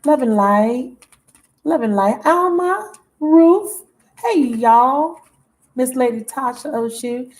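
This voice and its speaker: Tarot reader, woman, slightly high voice; goofy, chatty, exclamatory. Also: animated, slow pace. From Broward County, Florida. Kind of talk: live tarot reading with viewer shout-outs.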